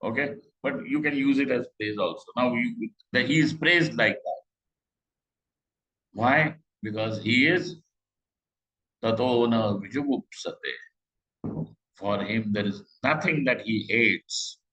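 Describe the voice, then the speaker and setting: A middle-aged man giving a scripture class, talking conversationally with rhetorical questions and slow Sanskrit quotes. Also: medium pitch, bright, forceful tone, rough recording. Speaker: Vedanta teacher.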